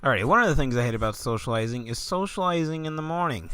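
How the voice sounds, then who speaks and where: A man's voice: mid-range voice, animated, very fast, pushed and bright, clear, resonant tone. A young man ranting in a comedic vlog, swearing often and stammering into exasperated outbursts. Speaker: vlogger.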